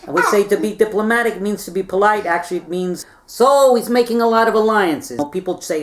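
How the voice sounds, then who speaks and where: A man's voice: high-pitched, a little fast, few pauses, a little hiss or hum. A man telling a history story in a meandering, chatty way, with playful asides and frequent check-ins with his listeners. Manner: chatty, meandering, keeps checking in with "all right?". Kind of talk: rambling casual history retelling.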